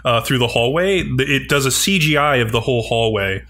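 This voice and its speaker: A man's voice: medium pitch, expressive, fairly quick, a bit bright. A man co-hosting a podcast, reviewing anime episodes with enthusiasm, chuckling and filling his talk with "like". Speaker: podcast co-host. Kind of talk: casual anime recap chat.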